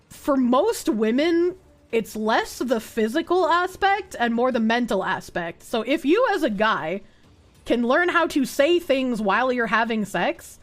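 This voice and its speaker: Animated, profane woman streamer. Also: high voice. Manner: blunt and profane, laughs often. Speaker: live streamer. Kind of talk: casual live-stream chat, reading chat aloud.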